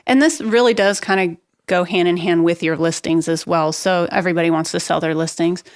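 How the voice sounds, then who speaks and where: A woman with a somewhat low voice talks as a guest expert on a real estate podcast. She explains marketing tips in a brisk, practical and upbeat way. The recording is dry and close, with no room sound. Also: fairly even intonation, dry recording.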